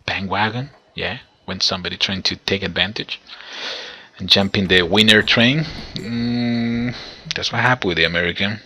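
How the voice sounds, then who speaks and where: A man narrates his own strategy gameplay in a deep, husky voice. His delivery is intensely forceful and excitable, and he keeps addressing his viewers directly. He chuckles often as he goes. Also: moderate pace. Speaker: gameplay commentator. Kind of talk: let's play commentary.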